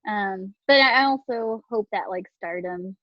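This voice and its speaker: A woman co-hosting a podcast over a remote call, chatting casually and laughing often. Her voice sits at an ordinary pitch and sounds dry and close. The audio is a bit dull and lo-fi. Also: measured pace, no echo. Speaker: podcast co-host. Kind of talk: casual chat. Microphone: video call.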